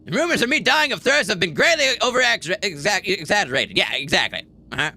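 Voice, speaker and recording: Swearing, very animated American man streamer. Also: high-pitched, fairly quick, soft background music. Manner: profane, joking banter. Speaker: streamer playing a space game. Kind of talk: casual gameplay chat.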